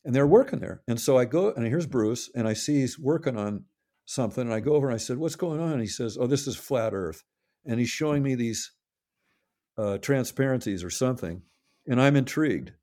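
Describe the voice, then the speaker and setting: A man's voice: mid-range voice, lively intonation, brisk, warm tone. An older man telling long, rambling anecdotes in a casual interview, often correcting himself and quoting others. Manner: rambling, self-correcting anecdotes with quoted voices. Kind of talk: casual storytelling.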